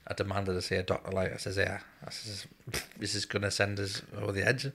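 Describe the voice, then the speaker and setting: Casual: bloke, former serviceman, lowish voice with a bright forceful edge, blunt and sweary, telling a story with plenty of laughs. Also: level tone, brisk, creaky, slight background noise. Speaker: guest, former RAF serviceman. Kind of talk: casual storytelling in a podcast chat.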